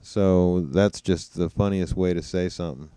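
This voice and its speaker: A man's voice: deep voice, fairly even intonation, moderate pace, mellow, smooth, dry recording. A man giving casual spoken commentary over replayed clips, musing and now and then mocking what he hears. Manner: conversational, musing, mocking imitations. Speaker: commentator reacting to trial footage.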